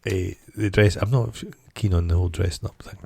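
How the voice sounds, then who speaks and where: Wisecracking man, low voice. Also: fairly even intonation, brisk, vocal fry, mellow, slight background noise. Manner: blunt, wisecracking, swears. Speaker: podcast co-host. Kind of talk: casual chat.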